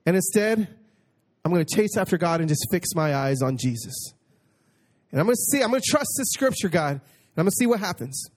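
Man, slightly high voice, sermon testimony, hushed storytelling, excited exclamation, slow emphatic scripture reading. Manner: reads scripture aloud slowly and emphatically. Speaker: preacher giving testimony.

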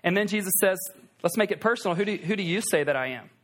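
Guy pastor w a high voice, preaching casual and lively, talks right at the crowd. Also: quick pace. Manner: conversational, animated, talks to the congregation with asides. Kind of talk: sermon.

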